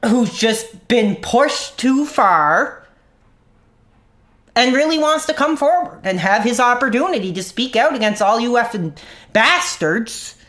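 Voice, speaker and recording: A man's voice: extremely high pitch, fairly bright tone. A man streaming an angry rant into his own mic, swearing, mocking and then apologizing for his language. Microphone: own desk mic.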